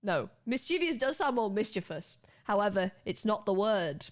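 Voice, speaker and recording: A woman's voice: mid-range voice, animated, moderate pace. A British woman streaming live, chatting casually and laughing often as she teaches a spelling lesson to her viewers.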